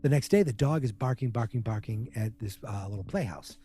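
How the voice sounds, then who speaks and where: With faint music behind him, a podcast host with a medium-pitched, husky, dark-toned voice talks animatedly and a little fast. He casually recaps a TV episode in a chatty, wry way, mimicking the characters' lines.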